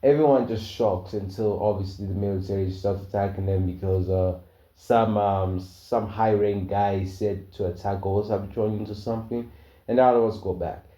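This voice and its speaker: A man's voice: fairly low pitch, steady tone, normal speed, warm tone. Rambling young man telling a fan story. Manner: rambling, hesitant, with many fillers and chuckles. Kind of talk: casual fan story narration. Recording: dull, roomy home recording.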